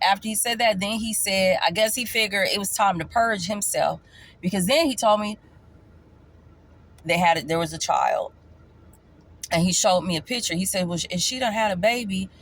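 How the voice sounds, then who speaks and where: A woman vlogger telling her own story in a casual storytime, emphatic, animated and repeating key points. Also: mid-range voice, moderate pace.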